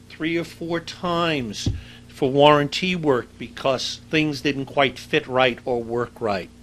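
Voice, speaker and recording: A man's voice: medium pitch, a bit bright, a little hiss or hum, low-quality recording. A middle-aged man giving a university lecture in a conversational, anecdotal way, with frequent fillers. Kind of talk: recorded lecture.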